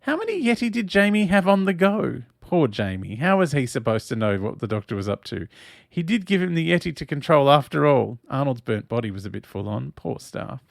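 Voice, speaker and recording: Giggly camp man, gravelly voice. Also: fairly high pitch, sing-song, a little fast, no room sound, clean studio sound. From Australia. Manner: giggly, camp, laughs often. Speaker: host of a watch-along stream. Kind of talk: casual live commentary reading chat.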